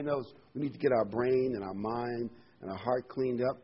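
A man's voice: mid-range voice, a little slow, breathy edge. A man pastor giving a conversational sermon, asking rhetorical questions and adding fillers. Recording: slightly dull recording with faint noise.

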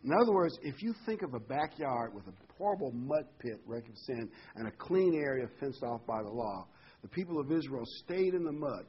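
Animated male Bible teacher, husky lo-fi. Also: mid-range voice, fairly quick. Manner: animated retelling, voice jumping up when mocking. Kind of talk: Bible study lesson.

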